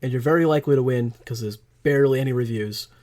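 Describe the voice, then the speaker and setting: A man's voice: mid-range voice, fast talker, darkish tone. A man co-hosting a podcast in casual chat, making dry jokes and swearing casually. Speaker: podcast co-host.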